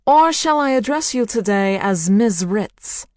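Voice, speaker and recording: A narrator voicing a menacing synthesized celebrity voice over loudspeakers, mocking and commanding. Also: mid-range voice, lively intonation, measured pace, no room sound, studio quality, voice pushed up, close to an everyday voice.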